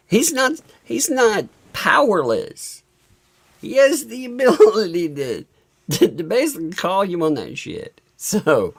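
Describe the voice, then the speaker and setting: Lively, laughing live stream man. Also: creaky. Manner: chuckles often through his talk; animated, swinging up and down in pitch. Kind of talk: casual live stream commentary.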